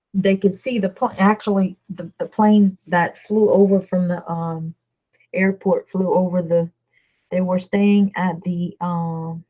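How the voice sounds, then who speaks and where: A woman's voice: medium pitch, muffled recording. A woman from Louisiana with a Southern accent, chatting casually with viewers on a livestream, rambling and reading out their names. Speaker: livestream host.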